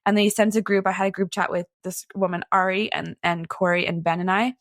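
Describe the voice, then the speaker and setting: A young woman giving a candid personal account, halting often and filling her speech with "like" and restarts. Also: medium pitch, steady tone, dry recording, clean studio sound. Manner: halting, frequent "like" fillers and restarts, emotional recounting. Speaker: guest recounting a personal experience.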